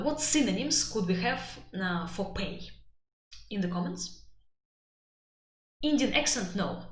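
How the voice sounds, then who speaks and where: Chatty teacher woman in an echoey room. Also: mid-range voice. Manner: chatty, playful, many fillers and asides. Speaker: IELTS teacher. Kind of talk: casual live-stream lesson.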